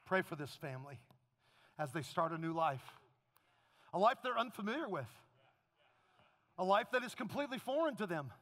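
A man's voice: sits high, very animated, normal speed, long pauses. A man preaching a sermon as pastor, then leading the congregation in an emotional prayer. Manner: impassioned preaching, rising to a shout.

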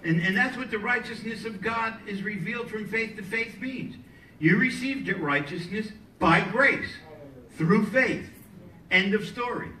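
Man preaching, high voice, sharp and bright tone, joking asides, echoey church, distant mic, faint room noise. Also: a little slow. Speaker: pastor. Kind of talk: sermon. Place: church sanctuary.

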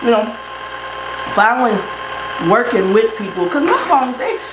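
A woman hosts a mukbang eating show indoors at her eating setup, chatting casually and loosely between bites and often repeating herself. Her voice is a little high, sing-song and unhurried, with a roomy sound and heavy background noise.

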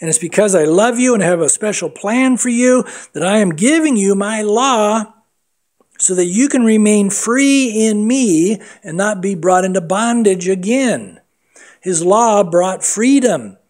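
A man's voice: sits high, animated, a little slow, a little mellow. A middle-aged man preaching a sermon as pastor, quoting scripture with emphasis.

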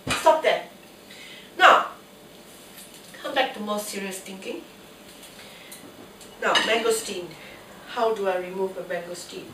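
A woman's voice: mid-range voice, animated, slow pace, pauses often. A woman with a cold hosting a casual cooking demonstration alone in her home kitchen, chatting to herself as she works. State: has a cold. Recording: echoey kitchen, mic at a distance, faint noise.

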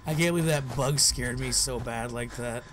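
A man's voice: mid-range voice, a little slow, background noise. A man giving joking commentary while playing a game, talking to himself and to game characters with mock outbursts, on a desk mic. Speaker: let's play gamer. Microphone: headphones and desk mic.

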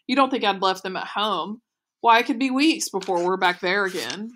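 A woman's voice: mid-range voice, moderate pace, fairly bright tone, slight background noise, lightly acted. A woman voicing a bossy twelve-year-old girl who talks with a haughty, scolding air. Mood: indignant.

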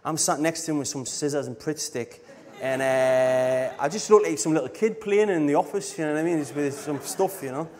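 Rambling man, higher voice. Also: brisk, a little mellow. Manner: rambling, laughs often, fillers like "you know what I mean". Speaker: speaker at a design conference. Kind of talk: casual anecdotal conference talk. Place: live talk on a stage.

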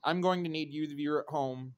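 A man in his thirties rambling through a profane, sardonic vlog rant with dark jokes. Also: fairly high pitch, fast talker. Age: 30s. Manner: sardonic, profane, darkly joking. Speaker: vlogger.

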